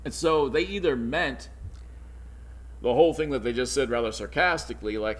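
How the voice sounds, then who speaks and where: A man's voice: medium pitch, moderate pace. A man teaching from the Bible, retelling the story in a conversational way with informal asides and chuckles.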